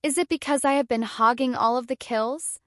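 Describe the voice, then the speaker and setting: A woman's voice: sits high, normal speed, fairly bright tone, dry recording, studio quality. A woman narrator voicing a young man, a student turned fighter, who speaks in a dazed, bitter way after being betrayed. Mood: angry. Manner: dazed, then angry and bitter.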